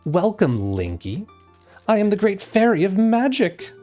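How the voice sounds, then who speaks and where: A man voicing a gracious female fairy queen from a video game, in a high sing-song voice. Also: wildly swooping pitch, measured pace, warm tone, faint music behind, heavily acted. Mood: grand.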